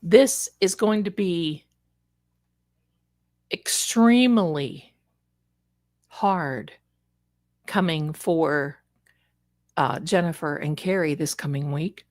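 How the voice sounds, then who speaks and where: A woman hosting a casual livestream, talking in an animated, emphatic way and speaking straight to her viewers from an indoor room. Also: low voice, drawn-out words, pauses often, no room sound, clean studio sound. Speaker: livestream host.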